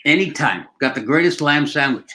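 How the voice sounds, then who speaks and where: A man's voice: a little high, animated, moderate pace, sharp tone. Older man telling rambling jokey stories. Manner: rambling, joking storyteller. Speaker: actor guest. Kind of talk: casual live chat.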